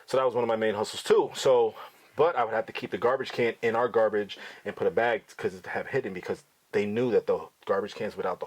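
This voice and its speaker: A middle-aged man tells stories in a blunt, outspoken way, swearing freely as he goes. He talks quickly, and his voice sits somewhat low with a husky edge. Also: a little mellow. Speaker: podcast host, father. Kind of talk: casual storytelling to his son.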